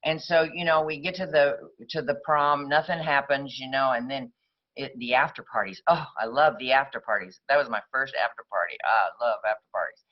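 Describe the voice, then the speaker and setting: A woman's voice: extremely low pitch, normal speed. Woman telling her recovery story, muffled. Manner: rambling conversational storytelling, frequent fillers. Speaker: speaker at a recovery meeting.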